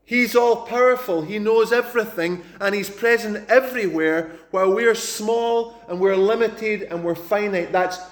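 A man preaching a sermon, emphatic, repeating words for stress and slowing down when he quotes scripture. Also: high-pitched.

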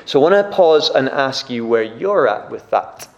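A man preaching a sermon, animated and acting out crowd voices. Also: mid-range voice, moderate pace. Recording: echoey room.

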